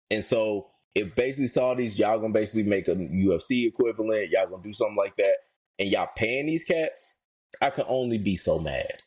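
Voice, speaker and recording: Guy on a podcast going off about stuff, voice jumps all over, slangy and loose. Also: slightly rough. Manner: animated, ranting, pitch climbs high when worked up; slangy casual speech. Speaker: podcast co-host. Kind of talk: casual podcast chat.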